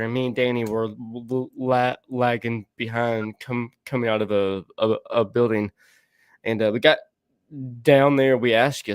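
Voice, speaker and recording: A man casually telling a story, halting and stammering, with frequent laughs. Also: medium pitch, smooth, no room sound, studio quality.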